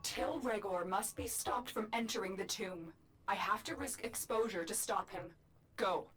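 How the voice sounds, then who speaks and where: Lotus, a terse game guide. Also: female voice, mid-range voice, moderate pace, fairly bright tone, breathy edge, soft background music. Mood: commanding. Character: secretive, urgent female guide in a video game. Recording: distant game audio with faint noise.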